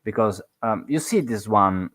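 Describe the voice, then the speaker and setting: A man with a low voice plays a tabletop game. He speaks in a halting way, pausing often and filling the gaps. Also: lively intonation, fairly bright tone. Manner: hesitant, full of fillers. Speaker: player. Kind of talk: casual game chat.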